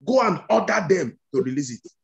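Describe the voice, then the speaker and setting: A man's voice: high-pitched, sing-song, brisk, vocal fry, breathy edge, lo-fi sound. A male pastor leading a fervent prayer sermon over a video call, repeating commands and breaking into tongues. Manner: commanding, repetitive declarations; speaks in tongues between prayers.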